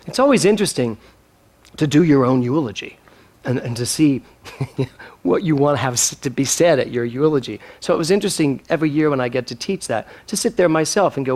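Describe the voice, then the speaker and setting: His pitch fairly high, a male preacher gives an emphatic and energetic sermon, earnest and emotional, prompting replies from the people in the pews.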